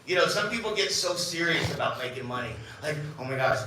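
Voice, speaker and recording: A man's voice: on the high side, animated, fast, background noise. A man in his fifties giving a chatty, self-mocking keynote to a live audience, acting out the dialogue in his stories. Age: 50s. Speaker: keynote speaker. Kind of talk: storytelling speech to a live audience. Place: event hall. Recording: echoey hall from a distance.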